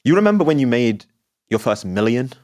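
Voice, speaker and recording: A man's voice: mid-range voice, big pitch swings, brisk, darkish tone. A man hosting an interview, recapping his guest's story back to her. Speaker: podcast host. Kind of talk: interview conversation.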